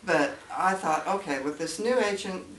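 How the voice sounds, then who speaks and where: An older woman speaking as guest at a writers' meeting, chatty and animated, acting out quoted voices as she tells stories. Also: lowish voice, moderate pace. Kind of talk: casual storytelling talk. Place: meeting room. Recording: far-off mic in an echoey room with faint noise.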